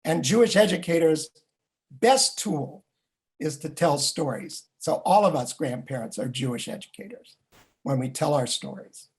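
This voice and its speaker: An older man and Jewish educator telling a family story in a vivid, animated way. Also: fairly high pitch, normal speed. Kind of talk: storytelling talk.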